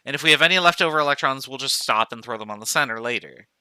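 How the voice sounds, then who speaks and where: A chemistry professor delivers a recorded lecture in a very bright, crisp, smooth voice of medium pitch, speaking very fast and expressively. He walks through each step aloud, counting items off and correcting himself. The recording is dry and close, with no echo.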